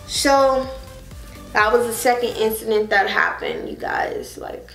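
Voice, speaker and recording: A young woman telling an exasperated, animated story about a trip to the movies, in a sassy, casual vlog style. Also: on the high side, unhurried. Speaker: vlogger. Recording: roomy echo, faint music behind.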